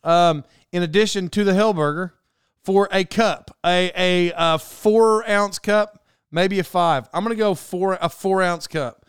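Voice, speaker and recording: A young man telling a casual story, talking fast and animatedly, cutting himself off and drifting into side notes. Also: high-pitched, clear, resonant tone, dry recording, studio quality. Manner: animated, self-interrupting. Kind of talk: casual anecdote monologue.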